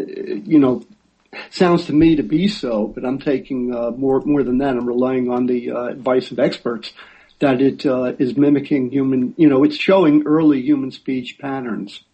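Man, husky, hesitant, lots of fillers, muffled lo-fi sound. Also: mid-range voice, steady tone, warm tone. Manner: hesitant, many fillers, slow when spelling out details. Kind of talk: casual chat.

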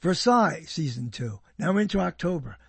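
A slightly high male voice with big pitch swings and a somewhat fast pace, carrying vocal fry and a breathy edge, recorded with no room sound. He's a video host reviewing TV listings, rambling through casual commentary in a sarcastic, wandering way and often cutting off his own sentences.

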